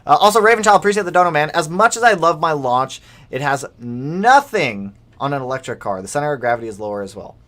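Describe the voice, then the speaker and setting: A young man hosting a casual livestream about cars, animated as he reads donations and reacts to news. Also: fairly high pitch, fast. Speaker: livestream host.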